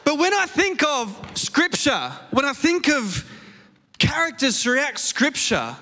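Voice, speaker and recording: A man with an Australian accent preaching a sermon, telling a story in an animated, self-mocking way on a stage microphone in a church auditorium. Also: very high voice, slow. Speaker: pastor. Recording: long hall reverb.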